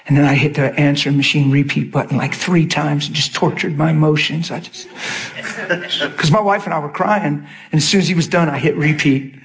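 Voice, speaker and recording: A man's voice: on the high side, normal speed, slight background noise. A middle-aged male pastor preaching in storytelling style, acting out the voices of people he quotes. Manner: animated, acts out quoted voices. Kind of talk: sermon storytelling.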